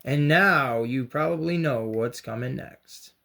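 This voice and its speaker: A man's voice: on the high side, very animated, measured pace, creaky, a bit bright. A man hosting a casual painting and crafts tutorial, chatty and encouraging, with joking slangy asides. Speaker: host of a toy and craft channel.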